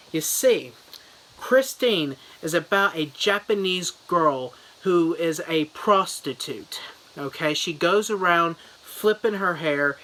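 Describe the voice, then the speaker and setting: Goofy guy vlogging a fake book review, bright voice, rambly. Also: a little high, poor audio. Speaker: comedy vlogger.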